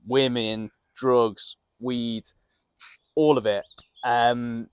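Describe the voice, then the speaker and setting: Reflective young podcast host. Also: male voice, mid-range voice, level tone, clean tone, no echo. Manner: measured and reflective, asks questions. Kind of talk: casual podcast conversation. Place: outdoors in a garden.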